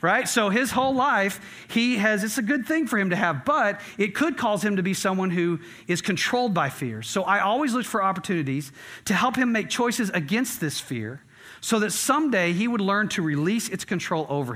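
A middle-aged male pastor preaching in a high, bright voice. He moves from earnest emphasis into relaxed, chatty storytelling. His delivery stays conversational throughout. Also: normal speed. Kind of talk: sermon.

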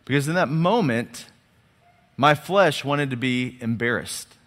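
A man preaching a sermon as a lively storyteller who acts out the dialogue and often restarts and repeats his words. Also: mid-range voice, measured pace. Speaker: pastor. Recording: long hall reverb.

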